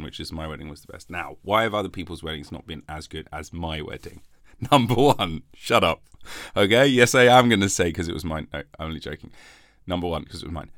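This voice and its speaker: A man's voice: low voice, fairly bright tone, no room sound, studio quality. A man hosting a comic solo podcast, rambling and mock-defensive, with a lingering cough after covid. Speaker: podcast host.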